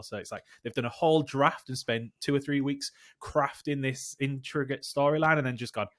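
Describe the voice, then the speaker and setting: A man at a middling pitch, bantering as a podcast co-host. He riffs jokily and chimes in with quick agreement, keeping the chat loose and relaxed. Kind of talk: casual chat.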